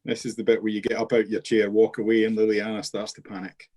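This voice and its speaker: A man's voice: on the low side, little pitch movement, brisk, darkish tone. A man moderating a webinar on a video call, chatting casually, teasing the others and laughing often. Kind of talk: casual pre-webinar chat.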